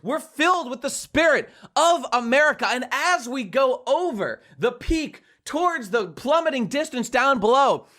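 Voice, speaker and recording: A man on a comedy podcast, telling a mock-patriotic story and breaking into shouted singing. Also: extremely high pitch, animated, moderate pace, hardly any pauses. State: hoarse from shouting. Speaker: podcast host.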